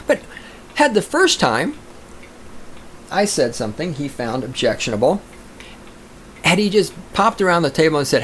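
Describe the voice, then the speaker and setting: Podcast host, male, profane combative ranter, animated pitch, faint hiss behind. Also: normal speed, long pauses. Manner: profane, combative, swings into loud outbursts. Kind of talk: profane ranting monologue.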